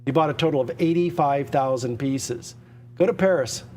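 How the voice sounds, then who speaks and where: A man running a live auction stream, pitching hard with emphatic, repetitive, excitable patter. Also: moderate pace, long reverb tail, a little hiss or hum.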